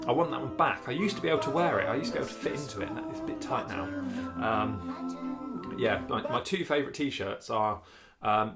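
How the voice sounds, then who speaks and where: A middle-aged man hosting a casual vlog, chatty and joking, often laughing as he talks. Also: medium pitch. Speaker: vlog host. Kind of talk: casual chat.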